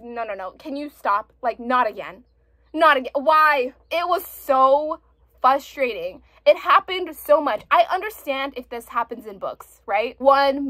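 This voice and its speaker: A woman's voice: high-pitched, fairly bright tone, dry recording. A young woman reviewing a book in a casual vlog, ranting with exasperation and frequent swearing.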